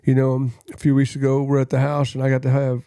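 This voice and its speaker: A man's voice: medium pitch, completely flat delivery, fast, dark tone, clean tone, no room sound, clean studio sound. An older man telling his life story as an interview guest, earnest and plain-spoken, acting out the voices of people he quotes.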